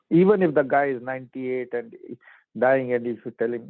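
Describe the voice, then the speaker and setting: A man gives a spiritual talk in short, halting phrases at a middling pitch. His voice comes through a narrow, phone-like line that sounds dry and close, with no room around it. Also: animated, no echo. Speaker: spiritual teacher.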